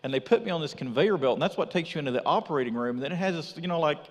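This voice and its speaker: Rapid-fire and fairly high in pitch, a man from Texas shares his missionary testimony in church. With lively energy he narrates the story and performs the dialogue of the people involved. His voice echoes through the reverberant sanctuary.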